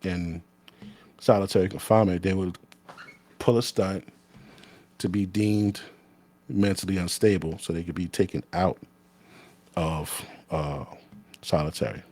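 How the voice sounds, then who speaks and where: A man's voice: sits low, steady tone, measured pace, pauses often, darkish tone. A man, a former corrections officer telling a story in casual, blunt, profane talk that often restarts mid-sentence.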